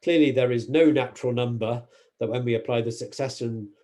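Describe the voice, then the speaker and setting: A man giving a university mathematics lecture, explaining carefully, pausing on fillers and correcting himself. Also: medium pitch, fairly even intonation, warm tone.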